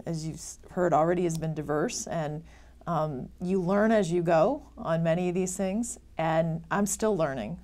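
A woman, a former senator, answering interview questions in a halting way with restarts. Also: low voice, a little mellow.

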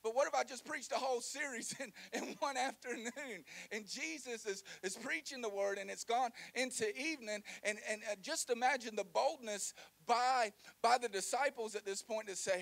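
A man preaching a lively sermon, joking and calling the congregation to repeat lines. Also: extremely high pitch, moderate pace, creaky, few pauses. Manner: animated, joking, call-and-response with congregation. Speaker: pastor.

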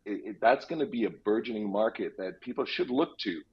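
Husky low-voiced man on a dull line. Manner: easygoing, explanatory, quick asides. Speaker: real estate guest. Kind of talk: radio interview.

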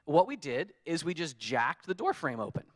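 Lively, animated man giving a conference talk. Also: fairly high pitch, normal speed. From United States. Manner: lively storytelling, acts out his own frustrated quotes. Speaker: conference speaker. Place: conference hall.

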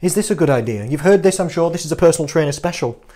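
A man's voice: on the high side, lively intonation, racing, dark tone. Chatty fitness coach, man. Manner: chatty, teasing, rhetorical questions. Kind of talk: energetic talk to camera.

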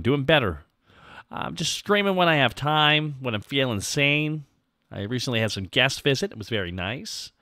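Male VTuber host, casual stream chatter, goofy and self-mocking, bright voice with a very lively melody. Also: fairly high pitch, creaky, no room sound, clean studio sound. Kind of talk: casual livestream chat.

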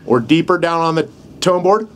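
This middle-aged man, teaching game-call technique outside in rural country, speaks a bit high with lively intonation at a normal speed. His manner is relaxed and homespun, constantly checking in with "right?" while dogs bark nearby and soft outdoor sounds linger in the background.

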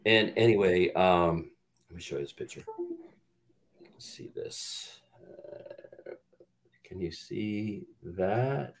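A middle-aged actor and former football player, appearing as a guest on an interview show, tells rambling, profane stories in a slow, gravelly voice with frequent pauses. He's an animated storyteller who acts out what others said in a louder, higher voice.

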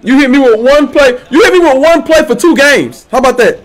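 A man streaming a football video game, trash-talking his opponent loudly with slang, swearing and laughter. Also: very high-pitched, brisk. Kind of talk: trash-talking gameplay commentary.

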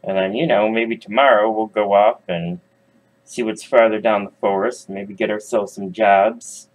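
A man's voice: fairly low pitch, fairly even intonation, a little slow, low-quality recording. A man telling a fairy tale for adults in a loose, profane, chatty way, full of asides to the audience. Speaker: storyteller. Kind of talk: casual comic storytelling.

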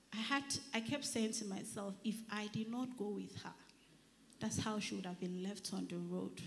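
A woman with a Nigerian accent giving an earnest church testimony, often dropping to a near whisper before rising loud again. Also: medium pitch, gravelly. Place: church service. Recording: reverberant church hall, faint noise.

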